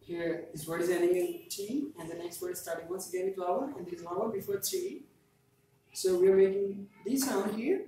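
A woman's voice: lowish voice, brisk, dark tone. Female English trainer, patient repeat-after-me drills, heavy room echo, distant mic. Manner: repetitive, has learners repeat after her. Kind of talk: teaching pronunciation drills. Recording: very echoey room, mic at a distance, faint noise.

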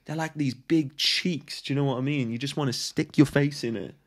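A man's voice: mid-range voice, fairly quick. A man hosting a movie reaction video, joking casually and animatedly.

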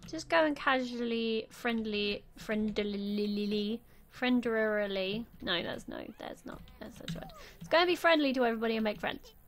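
A woman's voice: a little high, lively intonation, normal speed, fairly bright tone. A young woman giving casual gameplay commentary, chatty and swearing freely as she talks back at the game's characters. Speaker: gameplay video host.

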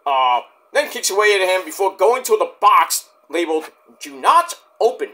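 A high, bright-voiced man recaps wrestling matches in a loose, rambling way. He swears freely, throws in jokes, and his pitch jumps all over the place. It comes across as relaxed, off-the-cuff chat. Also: moderate pace. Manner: rambling, swearing, jokey asides. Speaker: wrestling show reviewer. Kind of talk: casual spoken review.

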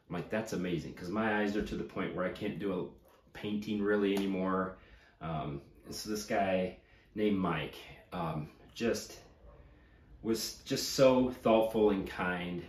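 A vlogger unboxes a gift and chats excitedly, often slipping into hushed, awed whispers. His voice sits low, and the recording sounds roomy with slight background noise.

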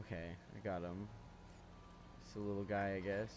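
Low-voiced guy doing let's play commentary, swearing a lot and grumbling at the game. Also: flat delivery, moderate pace, background noise. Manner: frustrated, heavy swearing, talking to himself. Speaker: gaming channel host.

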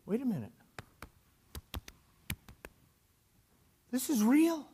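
A man voicing a dazed male apostle who quietly muses to himself, wondering if he is dreaming. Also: very high voice, fairly quick, slight background noise. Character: dazed male apostle slowly waking to reality. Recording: long hall reverb.

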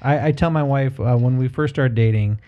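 A man's voice: mid-range voice, moderate pace, phone-quality sound, faint music behind. A man hosting a podcast in casual chat, blunt and teasing, swearing as he talks. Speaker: podcast host.

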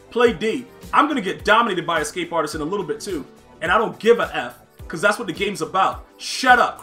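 A man's voice: sits high, a bit bright. A man streaming a football video game live, talking brashly and casually to his chat, full of slang and trash talk. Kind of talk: live-stream gaming commentary.

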